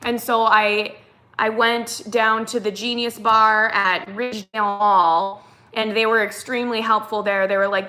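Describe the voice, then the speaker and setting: Young woman vlogger, bright and slightly high voice, chatty storytime delivery. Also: measured pace. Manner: animated retelling, acts out quotes, fillers like "like". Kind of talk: casual storytime chat.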